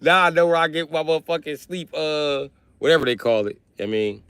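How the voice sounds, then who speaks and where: A man on a live stream telling a funny family story, animated and profane, with heavy slang. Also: fairly high pitch, fairly quick, clear, resonant tone, dry recording. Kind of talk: comic storytelling.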